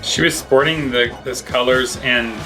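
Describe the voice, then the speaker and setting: A man's voice: medium pitch, steady tone, unhurried, music in the background, low-quality recording. A man hosting a reaction video, amused and thoughtful in casual chat. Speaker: reaction host.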